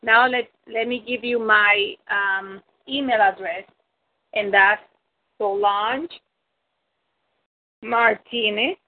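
A woman guest on a call-in talk show, speaking slowly and deliberately and spelling things out letter by letter over a tinny phone line. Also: medium pitch, steady tone.

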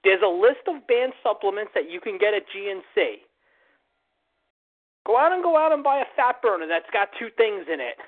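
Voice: mid-range voice, animated, moderate pace. Blunt, profane podcast host on a tinny line. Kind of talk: casual chat.

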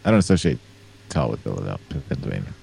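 A man's voice: very deep voice, big pitch swings, fast talker, creaky, darkish tone, breathy edge. A man co-hosting a podcast in casual chat, rambling with crude jokes and lots of fillers over a remote call mic. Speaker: podcast co-host.

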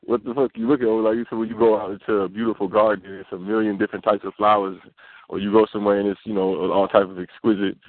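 A man's voice: on the low side, level tone, fast, no echo. A man in a casual chat who reads a discussion prompt aloud and then talks it over. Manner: short agreeing replies, reads notes. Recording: tinny phone-like sound, dry.

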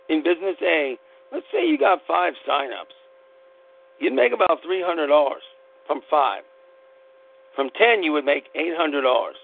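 A man's voice: fairly high pitch, creaky. A man hosting a podcast, delivering a blunt, preachy, impassioned monologue and swearing casually. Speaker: podcast host. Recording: tinny phone-line sound with mains hum.

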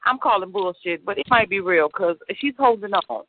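A woman's voice: mid-range voice, lively intonation, moderate pace. An older woman, a grandmother, calling in and venting bluntly and frankly about her family. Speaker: caller. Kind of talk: casual chat. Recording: noisy phone line.

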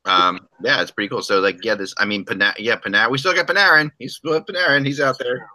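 A man's voice: mid-range voice, fast, bright, forceful tone, poor audio. A man hosting a casual hockey podcast, rambling and joking with frequent restarts. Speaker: podcast host.

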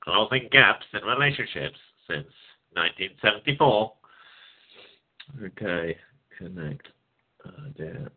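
A man's voice: lowish voice, expressive, unhurried, long pauses, slightly rough. A man hosting a casual test call, joking and muttering to himself as he checks settings. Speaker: show host. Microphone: online call over landline. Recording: tinny phone-like line.

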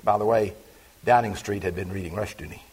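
A middle-aged male pastor preaching a sermon, reading scripture aloud and then expounding it with slow, emphatic stresses. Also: low voice, fairly even intonation, a little mellow, husky.

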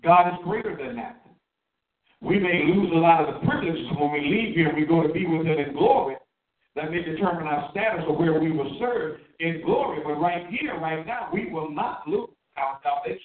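A man's voice: a little high, roomy sound, recorded from a distance, narrow, tinny audio. A man preaching a sermon, drawing out his key words and asking his listeners questions. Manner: emphatic, drawn-out stresses on key words.

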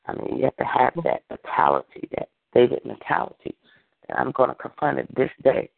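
High-voiced man preaching hard on a phone prayer line, gravelly, dry close sound. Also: sing-song, brisk, no room sound, phone-quality sound. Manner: fervent, repetitive preaching cadence. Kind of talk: impassioned prayer-line exhortation.

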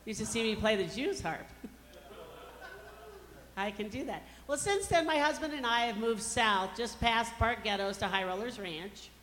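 A woman's voice: on the high side, lively intonation, a little slow, a bit bright. A woman in her fifties from Colorado doing a stand-up comedy routine, with brash, self-mocking punchline delivery on a stage microphone. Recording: reverberant hall, faint background noise.

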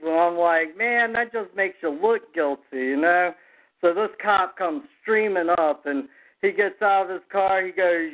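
A man's voice: sits high, unhurried. A man telling a story in casual chat, acting out the people he quotes. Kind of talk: casual storytelling among friends. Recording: tinny phone-like podcast audio.

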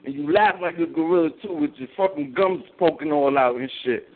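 A male host trash-talking in crude, profane banter, loud and taunting. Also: a little high, brisk. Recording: tinny phone-line sound with faint noise.

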